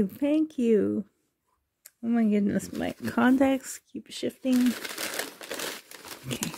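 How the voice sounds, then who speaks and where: A woman's voice: a little high, mellow, a little hiss or hum. A woman opening a package on her vlog, gasping with delight, dropping into whispers, emotional and close to tears. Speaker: reborn doll collector, channel host. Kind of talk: excited unboxing vlog.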